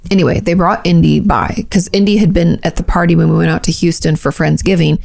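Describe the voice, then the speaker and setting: A woman's voice: on the low side, steady tone, fast, vocal fry, darkish tone. A woman co-hosting a podcast in casual chat, blunt and chatty, swearing now and then. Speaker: podcast co-host.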